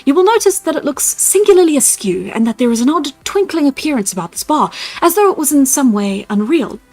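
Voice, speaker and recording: A woman voicing an earnest Victorian gentleman inventor, explaining his machine eagerly. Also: high voice, very animated, a little fast, pitched above the performer's own voice.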